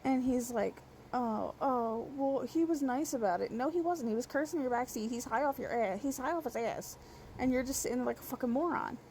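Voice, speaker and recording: A woman's voice: fairly high pitch, creaky, a little mellow, a little hiss or hum, low-quality recording. A young woman telling a rideshare story in a casual, exasperated rant, full of swearing and run-on sentences.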